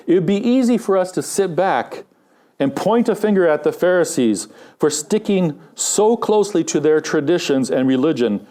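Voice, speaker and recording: A male pastor preaching with a mellow, warm voice that sits a little high for a man. His delivery swings through a wide, lively pitch range, rising for emphasis and sinking low and soft for weighty lines. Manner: animated storytelling with shouted punchlines. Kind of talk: sermon.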